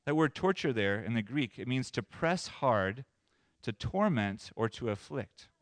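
A man pastor preaching a sermon in an animated way, moving between loud emphasis and soft asides. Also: medium pitch, measured pace, no echo.

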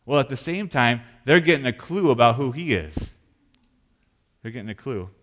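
A man preaching a sermon as pastor in a church, animated, acting out panicked voices. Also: mid-range voice, normal speed.

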